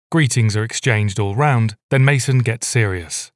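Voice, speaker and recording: A man's voice: medium pitch, normal speed, hardly any pauses, no room sound. Man narrating audiobook excerpts, dry close sound.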